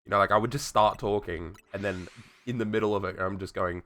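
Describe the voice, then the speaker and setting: A lowish, slightly bright male voice with fairly even intonation runs a little fast over slight background noise and faint music. He is streaming a game while sick with a sore throat, chatting casually in a rambling, profane, self-talking way.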